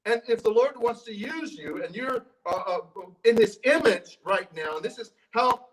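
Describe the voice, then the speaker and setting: A man's voice: extremely high pitch, expressive, moderate pace, far from the mic, poor audio. A man preaching a sermon in a church, talking conversationally, repeating and restarting his words, and asking the congregation questions. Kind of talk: sermon with scripture reading.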